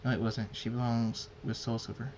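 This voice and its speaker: A man voicing a gentle, earnest male pony king in a home-read fan story, speaking softly with halting restarts. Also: mid-range voice, level tone, a little hiss or hum, lightly acted. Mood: tender.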